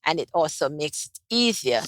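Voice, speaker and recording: A woman answering interview questions about a climate project she leads, in a measured way with frequent ums and restarts. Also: low-pitched, big pitch swings, fairly bright tone, dry recording.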